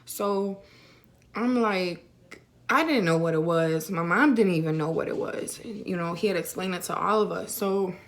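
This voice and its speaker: Chatty young woman with a lowish voice. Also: normal speed. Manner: chatty, many fillers like "like" and "you know". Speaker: vlogger. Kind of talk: casual storytelling to camera.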